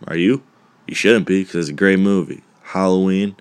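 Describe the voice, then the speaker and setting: A man's voice: low-pitched, moderate pace, smooth, dry recording. A man hosting a podcast, chatting casually in a rambling, profane way. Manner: rambling, profane, laughing asides. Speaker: podcast host. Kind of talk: casual movie recap podcast.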